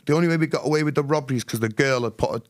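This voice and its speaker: A man's voice: fairly high pitch, very fast. A man, a podcast guest telling his own story in casual street slang and acting out the voices of others. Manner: animated, acts out the voices of others. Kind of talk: storytelling interview.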